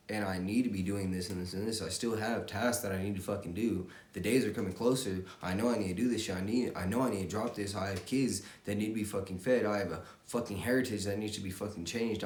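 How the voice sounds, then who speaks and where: A man giving a profane, intense motivational rant, repeating himself and swearing constantly. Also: low-pitched. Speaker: motivational vlogger. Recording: roomy echo.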